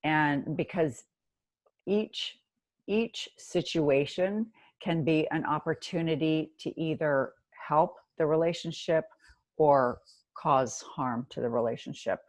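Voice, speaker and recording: A woman hosting a podcast, speaking in a measured, affirming way as she sums up her guest's ideas. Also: deep voice, no echo. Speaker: podcast host. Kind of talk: interview conversation.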